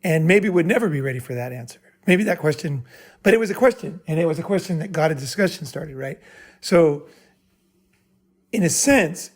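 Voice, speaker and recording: A man's voice: fairly high pitch, expressive, normal speed. A man speaking at a live summit and answering an audience member bluntly, with profanity, often checking in with "right?". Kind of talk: live Q&A talk.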